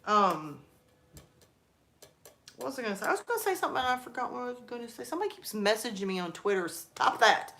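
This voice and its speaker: A young woman chatting on her live stream, telling stories with quick laughs. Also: on the high side, big pitch swings, fairly bright tone, a little hiss or hum. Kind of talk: casual live stream chat.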